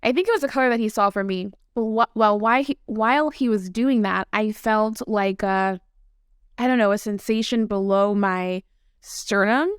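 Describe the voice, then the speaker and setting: A woman's voice: medium pitch, normal speed, smooth, no room sound, clean studio sound. A woman guest telling a story in a casual conversation, chatty and full of "like" and quoted dialogue. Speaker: podcast guest.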